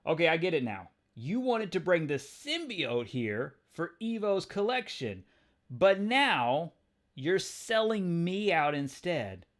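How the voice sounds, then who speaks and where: A man's voice: on the high side, big pitch swings, slow pace, fairly bright tone, pitched above the performer's own voice, full character voice. A man voicing a wisecracking young male spider-hero who talks with sarcastic quips. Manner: sarcastic, quippy.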